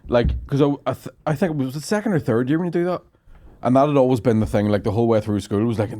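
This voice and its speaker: A man's voice: mid-range voice, fast talker, dark tone. A young man, co-hosting a podcast, telling crude stories in casual banter. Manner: crude, swearing, joking storyteller. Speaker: podcast co-host.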